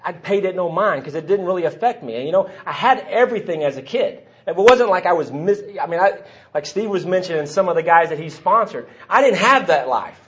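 A man's voice: high-pitched, expressive, brisk, a bit bright. Man sharing his story at a podium. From Texas. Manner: rambling, self-deprecating, frequent restarts. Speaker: speaker at a recovery meeting. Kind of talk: personal testimony talk. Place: meeting hall at a podium.

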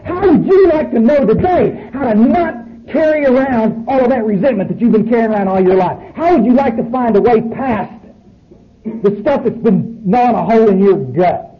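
Blunt, high-voiced man preaching. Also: expressive, normal speed. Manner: blunt, profane and emphatic. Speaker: recovery meeting speaker. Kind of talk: speaking to an audience. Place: room full of people. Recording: muffled recording with faint noise.

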